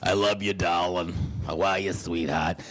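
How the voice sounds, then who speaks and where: A man imitating an older chain-smoking mother with a low, husky, drawn-out voice. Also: fairly even intonation, fairly bright tone. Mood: affectionate.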